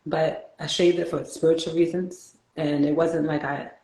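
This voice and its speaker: A woman's voice: low-pitched, flat delivery, moderate pace, warm tone. A woman from New York with a New York accent, chatting casually and reflectively as a livestream host, laughing often. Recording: roomy echo.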